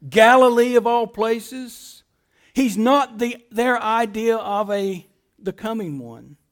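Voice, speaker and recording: A man preaching a sermon, emphatic, leaning hard on key words and then dropping to quiet, drawn-out phrases, and speaking straight to his listeners. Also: sits high. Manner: emphatic, swings between loud stresses and quiet drawn-out phrases; addresses listeners directly and by name.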